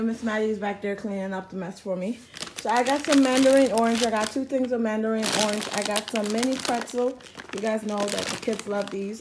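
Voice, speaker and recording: A woman's voice: a little high, noisy background. A woman casually chatting to camera as she unpacks groceries at home, rambling with lots of ums. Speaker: vlogger showing a grocery haul. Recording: crinkling bags and clicks behind.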